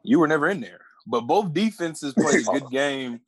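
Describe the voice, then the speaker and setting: A man's voice: a little high, animated, normal speed, breathy edge, no echo. A man co-hosting a podcast in casual banter, laid-back and joking as he rambles. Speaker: podcast co-host.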